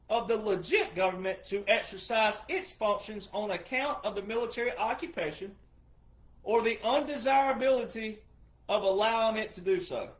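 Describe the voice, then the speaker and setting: High-voiced man ranting emphatically. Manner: forceful, repetitive, rhetorical questions. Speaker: retired military veteran commentator. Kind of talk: emphatic monologue commentary.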